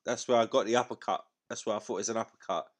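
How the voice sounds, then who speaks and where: A man's voice: fairly low pitch, steady tone, rapid-fire. A man hosting a live fight watchalong, chatting casually, swearing freely and using lots of slang. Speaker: livestream watchalong host.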